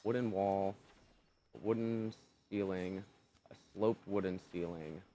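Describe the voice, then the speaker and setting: A man's voice: low voice, measured pace, warm tone, slight background noise. A young man commentating his own gameplay, exasperated and incredulous, swearing often. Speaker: gaming channel host.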